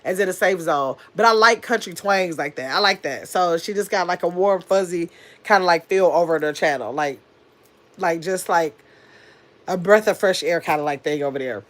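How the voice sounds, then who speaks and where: A woman's voice: lowish voice, fairly bright tone. Woman livestream host, casual, rambling, reads chat aloud into a phone. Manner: chatty, reads comments aloud and answers them, rambling with many fillers; says she talks fast.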